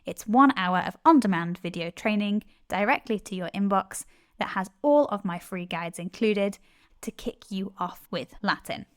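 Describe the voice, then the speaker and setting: A woman tutor explaining a lesson clearly and patiently, step by step. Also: mid-range voice, normal speed, no room sound, studio quality. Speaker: Latin tutor.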